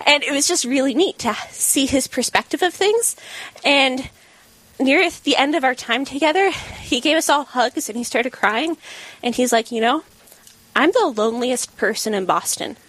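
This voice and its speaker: Lively woman telling a radio story. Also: high-pitched, moderate pace, no echo. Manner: animated, acts out quotes with laughs. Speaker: radio co-host. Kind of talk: casual storytelling on talk radio.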